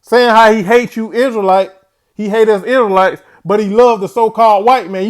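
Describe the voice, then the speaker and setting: A man's voice: high voice, fairly even intonation, moderate pace. A man hosting a religious commentary show, speaking in a preachy way and ending his phrases with "man". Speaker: host.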